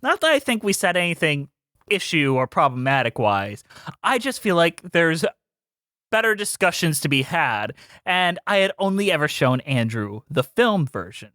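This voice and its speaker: A man's voice: on the high side, big pitch swings, moderate pace, pushed and bright, no room sound, studio quality. A man hosting a casual podcast chat, playful and rambling, laughing often. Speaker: podcast host.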